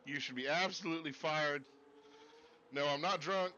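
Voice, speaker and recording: In a fake Southern drawl, a man commentates a sim race live from his desk streaming setup with screens, rambling folksily and cracking jokes. His voice is a little high, bright, and forceful at a moderate pace, on a lo-fi recording with slight hiss or hum.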